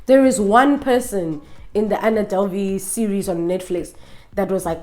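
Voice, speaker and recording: A woman's voice: medium pitch, moderate pace, darkish tone. A woman vlogger giving an opinionated casual review, sassy and emphatic, full of rhetorical questions.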